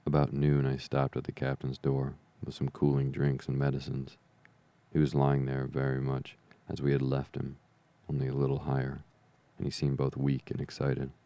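A man reading an old adventure novel aloud as a calm bedtime story, slow, even and soothing. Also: extremely low pitch, no room sound. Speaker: podcast reader.

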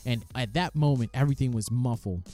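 A man casually telling the story of his amateur boxing match, lively and animated, acting out the quoted voices and swearing freely. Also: medium pitch, fairly quick, soft background music.

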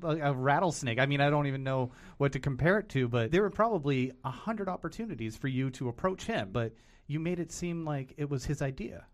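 A man's voice: a little high, fairly quick. A man interviewing a guest, musing and searching for the right words. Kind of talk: interview chat.

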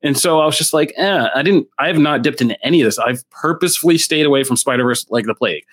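A man co-hosting a casual comic book chat, blunt and opinionated in a steady way. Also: fairly high pitch, fast. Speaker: comic book podcast co-host.

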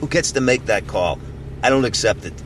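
An actor playing a defiant, crooked dead cop in a movie clip, talking gruffly. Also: male voice, medium pitch, animated, brisk, lightly acted. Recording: movie clip with noisy background.

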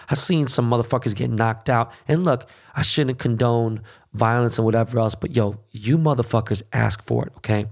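Male podcast host, mid-pitched voice, swearing nonstop in a fired-up rant. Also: creaky, a little mellow. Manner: heated, swearing constantly, repeats "okay?". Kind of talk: profane political rant.

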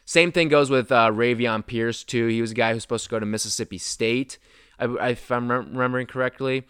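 A young man hosts a sports talk show with a bright, crisp voice recorded close and dry. He talks in a casual, animated way and jumps up in pitch when something excites him. The tone stays conversational and chatty. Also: a little fast, no echo.

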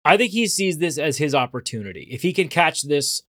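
A man's voice: fairly high pitch, lively intonation, brisk, a bit bright, dry recording, studio quality. A man co-hosting a podcast, recapping an episode in casual chat and acting out characters' lines as he goes. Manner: chatty, acts out quoted lines. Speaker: podcast co-host.

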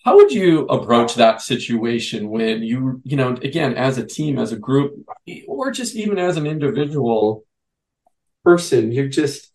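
A man hosts a youth coaching podcast and works through his questions out loud. His voice sits in a middle pitch and he speaks conversationally. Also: expressive, measured pace, poor audio. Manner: conversational, thinks aloud with restarts. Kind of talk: podcast interview.

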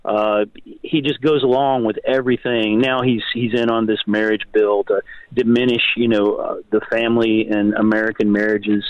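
A man's voice: fairly low pitch, level tone, moderate pace, no room sound. Angry caller guy from north carolina, lots of uhs, dull muffled line. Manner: angry, hesitant, many fillers. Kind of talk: call-in to a radio show.

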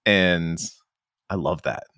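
A man with a low voice talks eagerly on a podcast and slips into goofy character voices as he goes. The sound is dry and close, with no room around it. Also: pushed and bright, clean tone, dry recording. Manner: enthusiastic, acts out characters in quick silly voices. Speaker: podcast co-host. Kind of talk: casual podcast chat.

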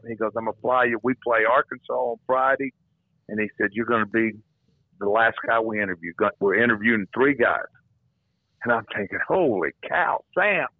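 A man's voice: mid-range voice, dry recording. An older man, a former football coach, telling stories as a radio guest and repeating his words as he rambles. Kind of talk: phone-in radio interview, storytelling. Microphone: phone. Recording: tinny phone line, dry.

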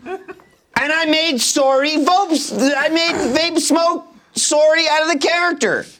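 A man's voice: very high-pitched, takes it slowly, crowd noise, pitched above the performer's own voice. A man playing an over-apologetic Canadian man who is being questioned, saying sorry every few words through laughter. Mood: giggly, apologetic.

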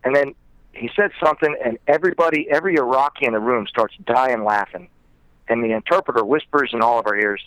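A man calling in to a podcast on the phone, telling a story in a lively storyteller's way. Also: mid-range voice, fast talker, smooth, no echo, rough recording. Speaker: caller. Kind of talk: telling an anecdote.

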